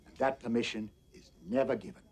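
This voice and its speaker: An older man with an Australian accent playing a crude, domineering male patriarch of an outback town in a film, in a gruff and menacing way. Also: medium pitch, steady tone, a little fast, a little mellow. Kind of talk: film acting.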